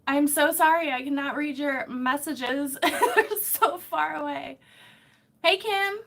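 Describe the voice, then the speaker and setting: A young woman with a slightly high voice talks casually on a home live stream. She greets viewers by name and apologizes a lot. Her voice is caught by a camera mic set some distance away across the room. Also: takes it slowly, vocal fry, fairly bright tone. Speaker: YouTuber hosting a live stream.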